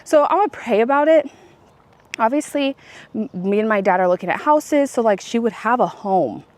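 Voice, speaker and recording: A woman's voice: fairly high pitch, animated, normal speed, a little mellow. Chatty young woman vlogging. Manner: chatty and rambling, full of likes and self-corrections. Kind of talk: casual chat to camera.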